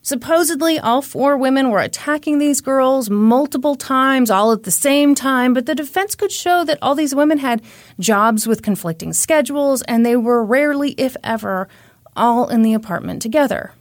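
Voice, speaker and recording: A woman's voice: sits high, normal speed, dry recording, studio quality. A woman hosting a podcast, telling a true crime story in a conversational way with wry asides. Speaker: podcast host.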